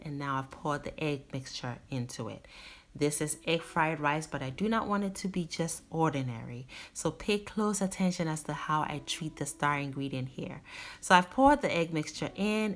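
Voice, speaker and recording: Low-voiced woman cooking host. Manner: warm instructive, emphatic on key words. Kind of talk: step-by-step cooking demonstration.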